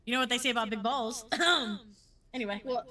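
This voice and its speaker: A woman streaming a game, excitable and swearing, with loud outbursts and giggles, saying she is high. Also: brisk, a crowd in the background. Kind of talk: casual gameplay streaming.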